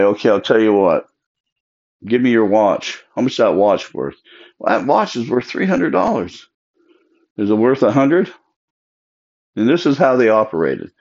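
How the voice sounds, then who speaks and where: Man, lowish voice, casual storyteller who acts out quoted relatives, dull lo-fi sound. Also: a little mellow. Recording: dull lo-fi recording.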